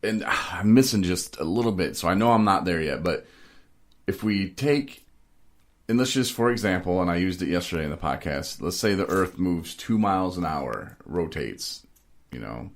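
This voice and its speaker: A man's voice: low voice, lively intonation, normal speed. A man hosting a casual podcast, rambling and joking, often laughing. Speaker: podcast host.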